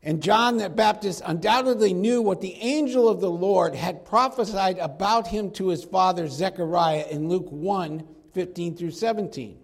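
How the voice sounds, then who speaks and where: A man's voice: high-pitched, normal speed, gravelly, hardly any pauses. A man teaching through a Bible passage in a conversational sermon, now and then acting out the quoted speakers in casual slang. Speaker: preacher.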